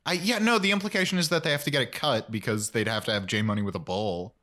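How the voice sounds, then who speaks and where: A man's voice: mid-range voice, fast talker, bright, forceful tone. Young guy on a rewatch podcast, retelling scenes and doing the characters' lines, plain middle voice. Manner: recaps scenes, acting out lines in quoted voices. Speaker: podcast co-host. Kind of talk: casual rewatch chat.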